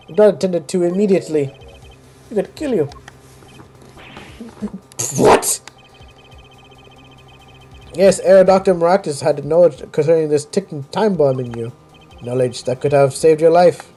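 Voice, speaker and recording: A man's voice: fairly high pitch, moderate pace, pauses often, dark tone, slight background noise, lightly acted. A man voicing a smug, easygoing male prosecutor who mocks the defendant in a game playthrough.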